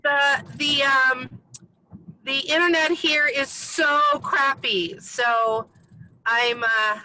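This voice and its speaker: A woman speaking slowly from the passenger seat of a car, her voice high and very bright. She explains herself in an apologetic, somewhat flustered way. Faint background noise sits under her voice. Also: steady tone, low-quality recording. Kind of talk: casual chat.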